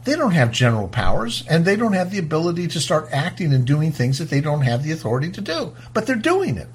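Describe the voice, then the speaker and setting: A man hosting a talk show, speaking in a fast-paced, emphatic way and often restarting his words. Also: fairly high pitch, sing-song, slight background noise. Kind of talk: casual talk-show monologue.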